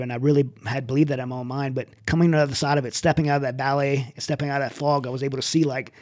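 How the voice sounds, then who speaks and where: A man's voice: mid-range voice, steady tone, fast talker, a little mellow. A middle-aged man and military veteran, guest in an interview, candidly telling his own story with many restarts. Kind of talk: personal testimony in conversation.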